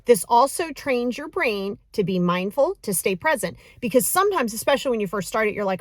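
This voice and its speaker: A woman coaching a breathing exercise in a casual, encouraging, chatty way, counting slowly. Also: a little high, very animated, no echo, studio quality. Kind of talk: casual guided breathing lesson.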